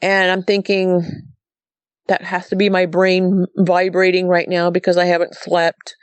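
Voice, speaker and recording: A woman's voice: on the low side, completely flat delivery, measured pace, clear, resonant tone, no room sound. A middle-aged woman from Montana telling her own story as a guest, rambling and quoting herself and others as she goes. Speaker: guest recounting a sighting. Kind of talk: casual storytelling.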